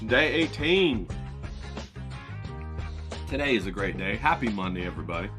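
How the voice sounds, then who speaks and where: A man's voice: sits low, lively intonation, very fast, over music. A middle-aged man vlogging outdoors in a hyped, rambling way, swearing casually and talking straight to his viewers. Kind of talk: casual chatty vlog talk. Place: outdoors, cold day.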